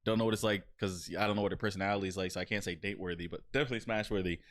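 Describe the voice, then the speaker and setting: A young man on a podcast, chatting in loose, slangy talk. His voice sits on the low side, and he rambles through his stories. He acts out the people he describes as he goes. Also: fairly even intonation, rapid-fire, a bit bright. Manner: slangy, rambling storyteller who acts out quotes. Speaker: podcast co-host. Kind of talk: casual chat.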